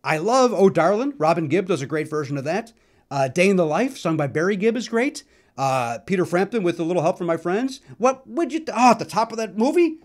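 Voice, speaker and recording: A middle-aged male comedian hosting his own podcast, telling self-mocking stories about records, with loud bursts and mumbled asides. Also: sits high, sing-song, brisk. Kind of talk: comic solo monologue about records.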